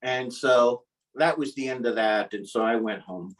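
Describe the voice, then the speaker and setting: A man's voice: mid-range voice, a little slow, distant mic, low-quality recording. A man telling a comic personal story at a live storytelling event, wry and self-mocking.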